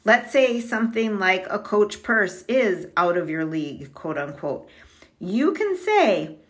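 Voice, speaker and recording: A middle-aged woman with a mid-range, very animated voice chats casually as a podcast guest on money mindset. She speaks unhurriedly but is upbeat and talkative, says "like" often, and laughs easily.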